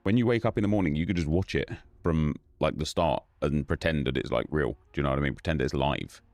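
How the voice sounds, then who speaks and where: A man's voice: very deep voice, fast talker, creaky, a little mellow, no room sound. A man hosting a gaming live stream, casually greeting viewers by name in a loose, chatty way.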